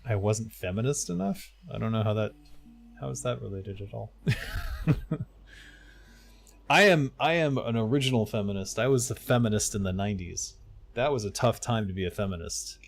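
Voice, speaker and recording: Gravelly low-voiced man streaming a game. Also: animated, normal speed, pauses often, soft background music. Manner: mutters to himself while playing, then chats openly with viewers. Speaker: game streamer and voice-over narrator. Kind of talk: casual live gaming stream chat.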